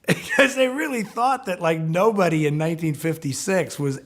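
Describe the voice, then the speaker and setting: A film historian in a documentary interview, an animated storyteller who acts out quotes. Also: male voice, fairly high pitch, normal speed.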